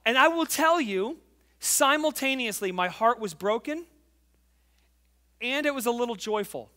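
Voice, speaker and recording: A man in his forties preaching a sermon as pastor, fervent and emphatic, telling a family story and dropping to quiet intimacy. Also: very high-pitched, lively intonation, measured pace. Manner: tells a family story, acting out the voices.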